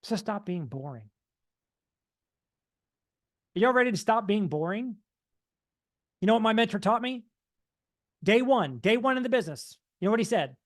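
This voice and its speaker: A man giving an energetic motivational talk, mimicking dull and excited voices to make his point. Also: sits high, normal speed, long pauses. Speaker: motivational speaker.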